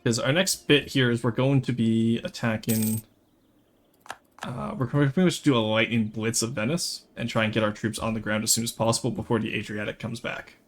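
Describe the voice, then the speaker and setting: A man's voice: medium pitch, a little fast, a little hiss or hum. A young man from rural Canada, giving live gameplay commentary and chatting with viewers. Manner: lively, chats with viewers while playing. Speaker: streamer.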